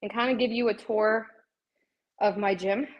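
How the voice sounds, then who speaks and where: A woman's voice: mid-range voice, steady tone, moderate pace, muffled recording. A woman hosting a live shopping stream from her home gym, chatting straight to her viewers and out of breath from a cardio workout. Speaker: livestream host showing fitness products.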